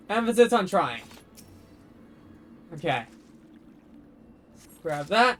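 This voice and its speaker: A man's voice: on the high side, takes it slowly, long pauses, a bit bright, soft background music. A man casually commenting while playing a fantasy game, chatty with self-mocking asides. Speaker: game streamer.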